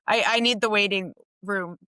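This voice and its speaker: A woman's voice: medium pitch, fairly even intonation, normal speed, sharp tone, smooth, no echo. A woman co-hosting a podcast in casual chat. She speaks in an earnest, thoughtful, agreeable way with filler-laden asides. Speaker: podcast co-host.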